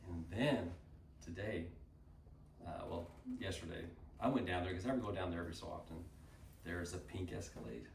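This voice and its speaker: A man giving a casual storytelling talk to a group, animated, often laughing, and acting out the people he quotes. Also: deep voice, vocal fry. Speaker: group presenter. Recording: roomy sound from a distant mic, faint noise.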